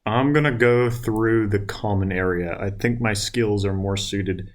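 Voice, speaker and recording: A man's voice: fairly low pitch, unhurried. A man playing a tabletop game, joking in dry, wry banter. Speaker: player.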